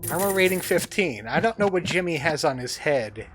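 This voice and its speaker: A man's voice: fairly high pitch, animated, normal speed, a bit bright. A man casually commentating a video game he is playing, chatty and jokey, often reading the game's text aloud. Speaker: let's play host. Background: game music.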